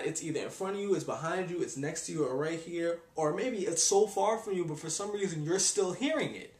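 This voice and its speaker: A young man, ranting in a casual vlog with exasperated sighs and slang. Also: fairly high pitch. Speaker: vlogger. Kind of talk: casual rant. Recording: echoey room.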